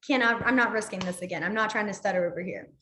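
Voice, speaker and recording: A woman's voice: mid-range voice, fast talker, bright, forceful tone, roomy sound, a little hiss or hum. A young woman teaching a sign language class online, chatty, apologetic and easily sidetracked, laughing often.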